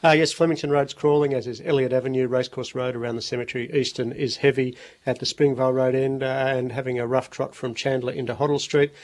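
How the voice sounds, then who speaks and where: An Australian man reading the radio traffic report, quick and matter-of-fact. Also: medium pitch, little pitch movement, darkish tone. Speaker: news and traffic reader.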